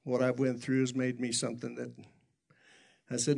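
A man's voice: medium pitch, completely flat delivery, brisk, creaky, a little mellow. A middle-aged man, a pastor, telling stories in a folksy, self-deprecating way in a sermon. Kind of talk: sermon storytelling.

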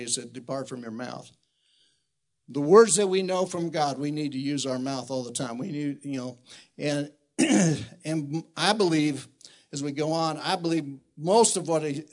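Earnest middle-aged male preacher, rambling. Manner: earnest, rambling, emotional, with frequent restarts and Scripture quotes; swings between soft reflective lows and loud exhortation. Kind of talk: sermon.

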